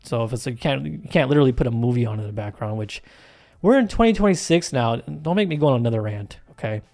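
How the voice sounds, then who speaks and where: A man's voice: mid-range voice, expressive, quick pace, gravelly, darkish tone. A man hosting his channel off camera, talking casually over gameplay in a rambling, emphatic way with many restarts and fillers. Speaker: YouTube channel host. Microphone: home voice-over mic, off camera.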